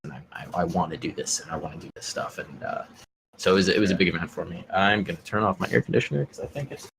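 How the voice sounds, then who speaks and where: A man's voice: deep voice, fast, creaky, noisy background. A man co-hosting a gaming podcast in casual chat, loose and rambling, often trailing off and restarting. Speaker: podcast co-host.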